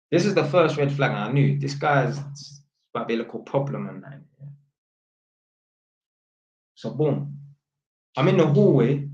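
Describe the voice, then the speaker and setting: A man's voice: mid-range voice, echoey room, lo-fi sound. A young man telling a story in casual slang, acting out the voices of the people in it. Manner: animated, acts out voices, heavy London slang.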